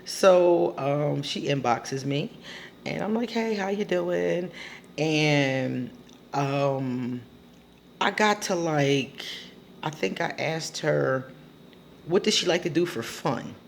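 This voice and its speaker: A woman's voice: deep voice, slow, vocal fry, slight background noise. A woman who reads tarot cards, telling a dating story in a candid, emphatic way and laughing often. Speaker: tarot reader. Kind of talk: casual storytelling.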